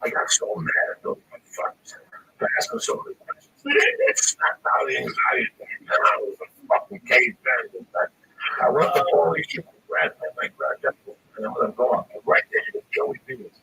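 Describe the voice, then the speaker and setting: A man's voice: a little high, wildly swooping pitch, moderate pace, creaky. A male comedian telling a rambling, profane story full of swearing, recorded on a distant mic with faint background noise. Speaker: stand-up comedian.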